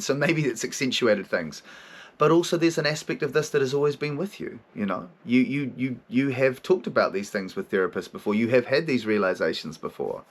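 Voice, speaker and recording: A man's voice: mid-range voice, fairly bright tone. A man who hosts a podcast and works as a therapist, speaking frankly in a casual monologue, swearing freely, laughing often and acting out his own inner voices.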